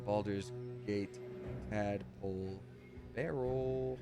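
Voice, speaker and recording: A man's voice: fairly low pitch, very slow, music in the background. A man in his thirties chatting casually while playing a video game live, reading chat aloud and slipping into playful voices.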